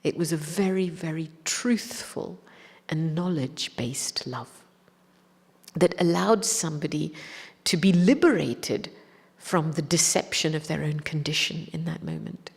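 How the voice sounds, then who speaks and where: Breathy woman telling a story in a reverberant hall. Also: low voice, measured pace. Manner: reflective, gentle anecdotal telling. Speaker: spiritual speaker. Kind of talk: personal storytelling in a spiritual talk.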